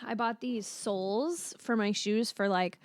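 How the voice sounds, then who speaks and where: A woman's voice: mid-range voice, steady tone, a little slow, clean tone, no room sound, studio quality. A woman co-hosting a podcast, laid-back and giving brief, easy replies. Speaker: podcast co-host. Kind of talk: casual chat.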